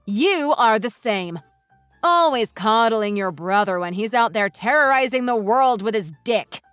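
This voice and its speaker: A woman voicing a furious wife in a text-message story, who talks in a sharp, sarcastic, cutting way. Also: a little high, lively intonation, unhurried, clear, resonant tone, no echo, soft background music. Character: furious wife confronting her in-laws.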